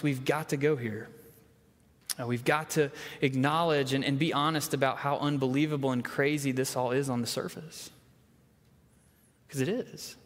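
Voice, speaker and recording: A man preaching a conversational sermon, often acting out the lines he quotes. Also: on the high side. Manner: conversational, acts out quoted voices. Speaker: pastor. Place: church sanctuary. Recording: long church reverb.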